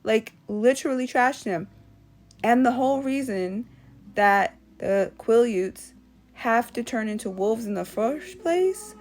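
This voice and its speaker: A woman hosting a casual opinion vlog, talking in an animated, sassy way and mocking characters in put-on voices. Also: a little high, measured pace. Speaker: channel host.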